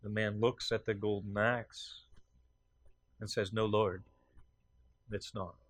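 A man preaching a sermon, telling a story with many pauses and fillers and lifting his voice for the quoted lines. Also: lowish voice, little pitch movement. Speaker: pastor.

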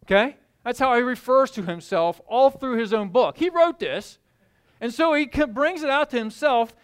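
A man delivers a sermon, retelling a story with lots of animation. His voice sits high and swoops widely in pitch. He acts out scenes as he goes. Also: lively intonation, moderate pace, clean tone. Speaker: pastor.

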